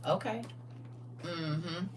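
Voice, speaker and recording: An older woman hosting a casual live stream from home. She tells animated stories, laughs often and reads viewer comments aloud. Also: lowish voice, extremely slow, distant mic, slight background noise. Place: at home, indoors.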